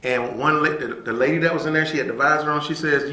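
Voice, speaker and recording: Animated storytelling man, bright roomy sound. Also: a little high, fast. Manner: animated, acts out quoted voices, says "right?" often. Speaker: podcast guest. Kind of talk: casual storytelling.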